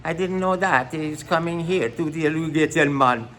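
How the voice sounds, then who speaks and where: A man's voice: fairly high pitch, normal speed, fairly bright tone, a little hiss or hum, pitched above the performer's own voice, natural voice. A man putting on a goofy mock Swedish accent that slides into Jamaican patter, rambling in a singsong way.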